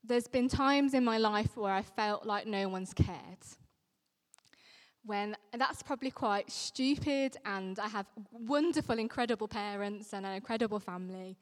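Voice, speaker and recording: A woman vicar giving an earnest, emphatic sermon. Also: mid-range voice. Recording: long reverberant hall sound.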